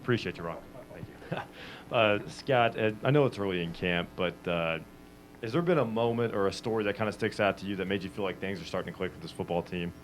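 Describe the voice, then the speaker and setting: A man, a reporter, politely asking a quick question at a press conference. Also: low-pitched, low-quality recording.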